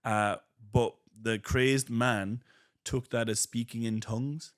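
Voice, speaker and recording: A comedian hosting a podcast, telling rambling stories in casual comedic chat and acting out the quotes. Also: male voice, mid-range voice, steady tone, slow pace. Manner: rambling storyteller, acts out quotes.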